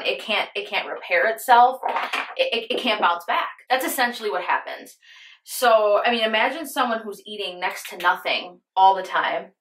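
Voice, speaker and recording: Young woman, beauty vlogger, chatty get-ready-with-me storytelling, mid-pitched, roomy echoey room. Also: fairly bright tone. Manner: chatty, addresses viewers as "you guys"; earnest, serious storytelling voice.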